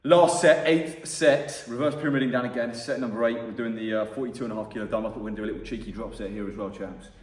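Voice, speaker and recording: A man's voice: lowish voice, steady tone, very fast, hardly any pauses. A man vlogging his workout, talking himself through heavy sets in an upbeat coaching manner and often out of breath between sets. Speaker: fitness vlogger. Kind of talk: gym workout vlog commentary. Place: indoor gym. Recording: echoey gym from far off, loud background noise.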